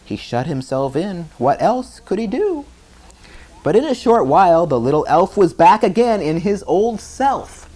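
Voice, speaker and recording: A man's voice: high voice, big pitch swings, measured pace, mellow. A man reading a bedtime story aloud to a child in a chatty way, stopping to explain words as he goes.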